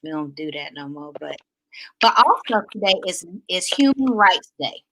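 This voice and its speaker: A woman's voice: lowish voice, very animated, moderate pace, fairly bright tone, rough recording. A woman with a Southern US accent hosting a talk show in a chatty, playful way. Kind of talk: casual chat.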